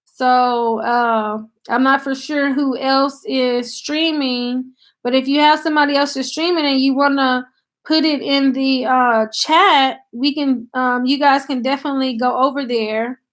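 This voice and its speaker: A woman's voice: sits high, steady tone, measured pace. A woman from Tennessee with a Southern country accent, chatting casually with viewers on a live stream and thanking them by name. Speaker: channel host on a live stream. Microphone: laptop.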